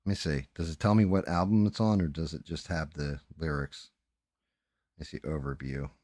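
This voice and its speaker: A man's voice: very deep voice, fairly even intonation, moderate pace, mellow, dry recording, clean studio sound. A man hosting a live stream, chatting casually, cursing freely and often trailing off mid-sentence. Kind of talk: casual chat while painting 3D prints.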